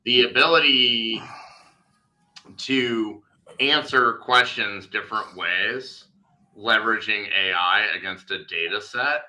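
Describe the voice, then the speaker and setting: A man co-hosting a podcast, talking loosely and off the cuff, stumbling through fillers as he works out his point. His voice sits a little low but rings very bright and forceful. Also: takes it slowly, poor audio. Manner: rambling, thinks aloud with many fillers. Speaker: podcast co-host. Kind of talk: casual chat.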